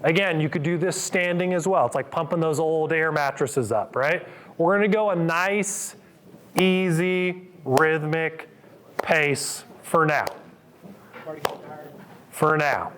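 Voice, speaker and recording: A man's voice: a little high, takes it slowly, a bit bright, a little hiss or hum. A middle-aged man, a physical therapist, coaching a live group through exercises with upbeat cues and counts.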